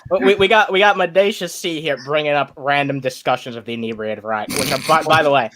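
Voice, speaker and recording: A man hosting a casual chat stream while high, rambling and breaking into giggles. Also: fairly quick, background noise. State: high on cannabis. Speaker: stream host.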